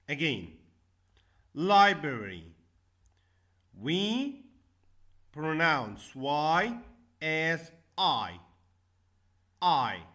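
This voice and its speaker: A man teaching a classroom English lesson, repeating each word and stressing the syllables loudly. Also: fairly high pitch.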